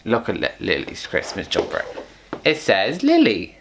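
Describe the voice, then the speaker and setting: A young man vlogging in a casual, rambling way, excitable and full of fillers. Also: fairly low pitch, measured pace, slight background noise. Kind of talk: casual vlog chat.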